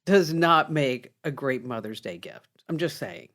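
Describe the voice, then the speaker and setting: A woman's voice: a bass voice, a little slow. A woman hosting a casual tech podcast, laughing easily and telling a long joke. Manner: animated, laughs easily, tells jokes. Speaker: podcast host.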